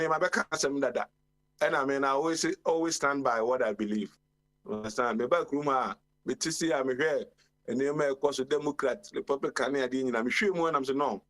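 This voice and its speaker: A man's voice: mid-range voice, fairly bright tone. A man speaking as a guest on a radio talk show, giving a long rambling monologue full of exclamations. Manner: rambling, exclamatory, often calls out "Papa".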